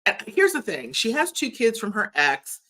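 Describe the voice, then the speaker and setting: A woman's voice: on the high side, wildly swooping pitch, moderate pace, a bit bright. A woman reviewing TV from a room at home, chatty and candid, who fills her talk with fillers and retells scenes. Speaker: TV reviewer and host. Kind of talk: casual recap commentary. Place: home room filled with pop culture items.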